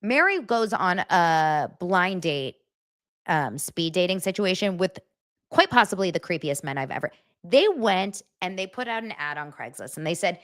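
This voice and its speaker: A woman hosting a casual pop culture show in a sarcastic, chatty way. Her pitch swings widely, from loud outbursts down to low muttered asides. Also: animated, a little slow. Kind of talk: casual commentary recap.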